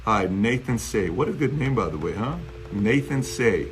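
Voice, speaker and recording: A man's voice: fairly low pitch, lively intonation, moderate pace, a little hiss or hum. A man from Iran with an Iranian accent, hosting a motivational live stream and taking callers, talking emphatically and repetitively.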